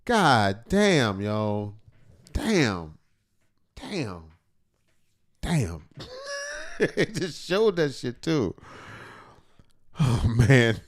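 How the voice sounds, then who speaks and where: A man reacting to a video in a loose, profane running commentary, his voice leaping up and down in pitch as he exclaims and laughs. He sounds close to the mic in a dry, dead space. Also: very animated, drawn-out words, long pauses, no echo. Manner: loud, profane, laughing outbursts. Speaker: reaction streamer.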